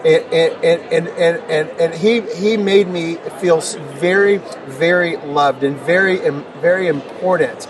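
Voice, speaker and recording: A man's voice: fairly high pitch, unhurried, hardly any pauses, a crowd in the background. A middle-aged man, an interview guest, telling personal stories in an emphatic way, repeating words and building rhetorical questions. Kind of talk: conversational storytelling interview. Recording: distant mic with noticeable noise.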